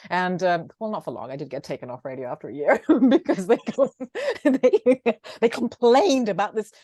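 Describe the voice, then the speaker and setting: A woman in her fifties with an English accent, chatting as an interview guest, animated and often laughing, with frequent restarts. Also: mid-range voice, moderate pace, dry recording. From England. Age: 50s. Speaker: guest, former radio presenter. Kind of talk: casual interview chat.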